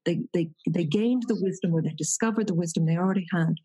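A woman with a slightly low, breathy voice talks through ideas on meditation. She is reflective and searching, circling back and restarting her sentences as she thinks. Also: fast talker, warm tone, poor audio. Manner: thoughtful, searching, many restarts. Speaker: meditation teacher. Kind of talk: reflective conversation.

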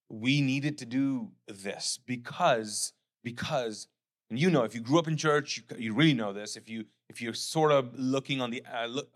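A middle-aged pastor from Pakistan, preaching a sermon with animated storytelling that settles into quiet, earnest reflection. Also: male voice, medium pitch.

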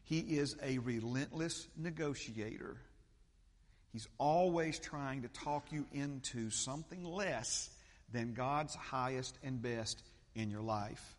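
Preaching man in an echoing hall. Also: slow. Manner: preaching, swings between loud fervent peaks and low steady teaching. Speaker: pastor. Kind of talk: sermon. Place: church sanctuary.

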